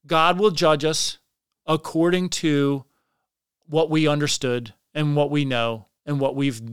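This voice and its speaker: A middle-aged man talks earnestly and passionately through a faith podcast monologue, often restarting his sentences. His voice sits a little high for a man and sounds smooth and resonant. It is recorded dry and close on a podcast mic. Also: fairly bright tone, no room sound. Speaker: podcast host.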